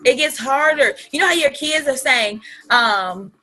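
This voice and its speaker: A woman in her forties giving a motivational talk to her team as a business coach, animated and colloquial, with laughing asides. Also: on the high side, takes it slowly, few pauses, husky.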